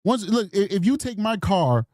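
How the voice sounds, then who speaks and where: Man in his 40s ranting casually about a crime case, high lively voice, slangy. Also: moderate pace, no room sound, studio quality. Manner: rambling, slangy, animated storytelling. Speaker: true crime commentator. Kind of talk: casual reaction commentary.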